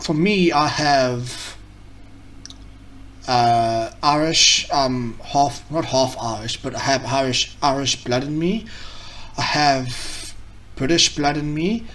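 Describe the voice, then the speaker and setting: A man talking through a casual reaction video in a rambling, self-correcting way, mocking as he goes. He sits a little back from the microphone, so the voice sounds slightly distant, at a mid pitch for a man. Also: a bit bright.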